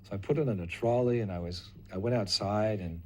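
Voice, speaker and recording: An older man recounting a personal memory as a lively storyteller who acts out other people's lines. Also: fairly low pitch, a little fast, slight background noise. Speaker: devotee recalling memories.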